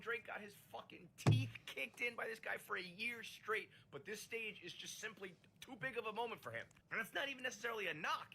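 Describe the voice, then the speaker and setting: A man's voice: sits high, vocal fry, bright, forceful tone, slight background noise. A man giving emphatic, opinionated commentary in an argumentative tone.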